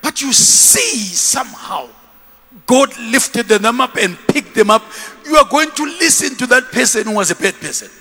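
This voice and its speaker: A man preaching a lively sermon as bishop, shouting and laughing, having the congregation repeat after him. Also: very high-pitched, normal speed, husky. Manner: animated, shouting, with bursts of laughter. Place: large church hall. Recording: long reverb of a church hall.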